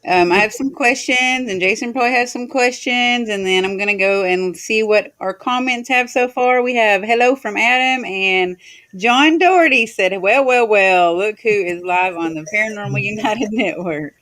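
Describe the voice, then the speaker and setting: A livestream host speaks at an ordinary middle pitch in a relaxed, chatty way over a video call. The talk is full of easy laughter and asides to the viewers. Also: normal speed. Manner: friendly, laughs often, reads out viewer comments. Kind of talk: casual livestream chat.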